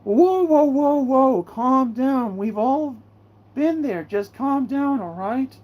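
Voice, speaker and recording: A young-sounding speaker voicing a male Bart who calms a friend down in a raised, placating voice. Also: sits high, takes it slowly, highs cut off, pitched above the performer's own voice, full character voice. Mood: soothing. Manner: soothing, placating.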